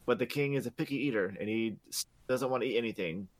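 A man's voice: mid-range voice, fast. A man co-hosting a podcast recaps a video game's story in loose, meandering fashion. He fills his sentences with "like" and "uh" and swears freely as he goes. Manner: rambling, profane, many fillers. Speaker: podcast co-host. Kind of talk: casual game recap.

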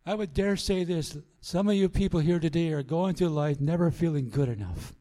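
A man's voice: a little high, normal speed, warm tone. A man pastor giving an earnest sermon, repeating phrases for emphasis as he tells a story and then exhorts the congregation.

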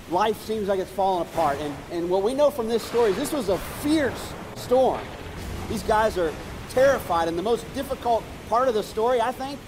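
A man preaching a sermon, moving between urgent, raised passages and hushed, quiet ones. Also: high-pitched, big-room sound, noisy background. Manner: dynamic, swings from urgent to hushed. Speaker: pastor.

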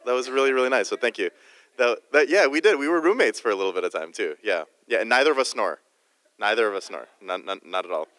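A man's voice: lowish voice, a bit bright, long reverb tail. A man preaching a sermon in a jokey, conversational way, often restarting his sentences. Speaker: guest preacher.

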